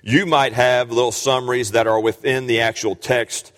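A man's voice: medium pitch, flat delivery, normal speed, fairly bright tone. A man preaching a sermon and reading scripture, earnest, with frequent fillers and restarts, rising to emphatic peaks. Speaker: pastor. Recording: long hall reverb.

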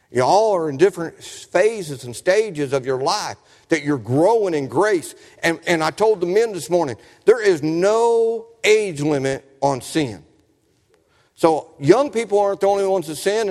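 A man's voice: a little high, gravelly, darkish tone. A man preaching a sermon in a folksy, storytelling way, often asking the congregation questions. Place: church sanctuary. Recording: reverberant church hall.

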